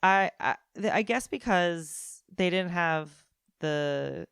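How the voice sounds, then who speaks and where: Female co-host, low smooth voice, easygoing, dry close sound. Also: animated, takes it slowly, a bit bright, no room sound. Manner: easygoing, stammering starts. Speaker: podcast co-host. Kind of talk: casual film discussion.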